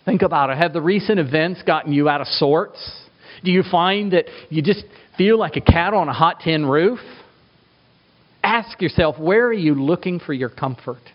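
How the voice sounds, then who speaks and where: Man, middle-aged, pastor, emphatic sermon delivery, slightly high voice, muffled lo-fi sound. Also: normal speed. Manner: emphatic preaching with rhetorical questions and dramatic pitch swings. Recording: dull lo-fi recording.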